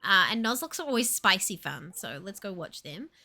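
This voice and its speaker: A young woman chatting casually on a livestream, animated, laughing often and swearing. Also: medium pitch, normal speed. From New Zealand. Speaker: streamer.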